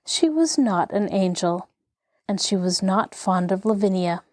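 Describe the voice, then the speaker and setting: A woman reads a classic novel aloud as an audiobook host, measured and expressive. Her voice sits mid-range, recorded close and dry with no room sound. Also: medium pitch, no room sound. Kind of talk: scripted narration of a classic novel.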